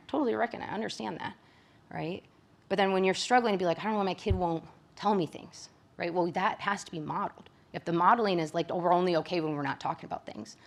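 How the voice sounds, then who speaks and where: A woman from Michigan speaking as a psychologist to a room of caregivers. Her voice sits a little low, and she keeps it conversational, often ending points with a quick question to her listeners. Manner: conversational, frequent tag questions. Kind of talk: presentation to caregivers.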